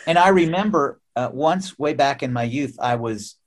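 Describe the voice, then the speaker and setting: A man's voice: mid-range voice, normal speed. A middle-aged American man chats as a guest in an interview. His voice sits in an ordinary middle range. He tells stories eagerly, trips over his own words and breaks into laughter. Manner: animated, repeats words as he restarts, laughs often. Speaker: musician guest. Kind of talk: casual interview storytelling.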